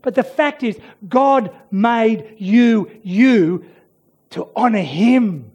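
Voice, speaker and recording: Slow, emphatic preacher. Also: mid-range voice, lively intonation, husky, dull audio. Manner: emphatic, swings between loud urging and hushed near-whispers. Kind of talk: sermon.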